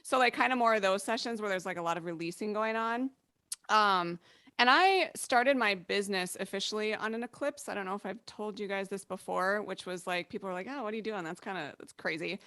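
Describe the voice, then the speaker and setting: A woman astrologer chatting casually on a podcast, laughing often and acting out quick quoted remarks from clients. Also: mid-range voice, bright, forceful tone, clear, resonant tone, no echo, clean studio sound.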